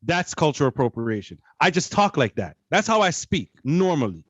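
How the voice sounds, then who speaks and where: A man's voice: a little high, very animated, brisk, fairly bright tone, husky, no room sound. A man co-hosting a podcast, reacting to clips with blunt, joking commentary. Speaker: podcast co-host. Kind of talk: casual commentary.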